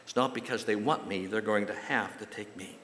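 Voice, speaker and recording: An American man preaches a sermon in a church sanctuary, his voice on the low side and a little fast, with slight hiss or hum. He tells a personal story in a folksy way, growing animated when quoting others, and the room adds long, roomy hall reverb.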